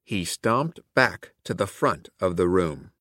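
Slow, expressive male storybook reader. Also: sits low, no room sound, clean studio sound. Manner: clear and expressive, like a teacher reading aloud. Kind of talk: read-aloud children's story narration.

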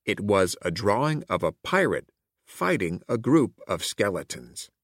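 A man reads a children's story aloud, slow and deliberate, with a lively, sweeping melody. His voice sits on the lower side. The sound is close and dry. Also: no room sound. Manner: clear and expressive, like a teacher reading aloud. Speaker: storybook reader.

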